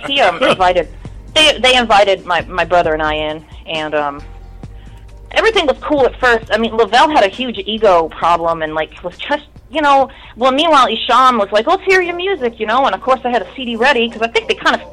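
A woman's voice: on the high side, lively intonation, brisk, fairly bright tone, faint music behind, poor audio. Candid woman in her thirties swearing freely. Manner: candid, rambling, swears often. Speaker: guest. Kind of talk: casual interview storytelling.

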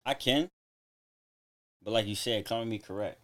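A man in casual chat, relaxed, talking in halting restarts. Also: on the low side.

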